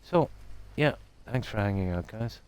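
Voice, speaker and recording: Low-voiced Irish Midlands man, rambling. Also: unhurried, smooth. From Ireland. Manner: relaxed, rambling, self-deprecating. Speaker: game streamer. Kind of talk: casual chat with stream viewers.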